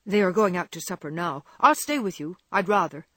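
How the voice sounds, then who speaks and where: A woman's voice: fairly low pitch, animated, no room sound. A woman voicing a clumsy, eager teenage girl. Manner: bright, quick and exclamatory. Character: clumsy, impulsive, good-hearted teenage girl.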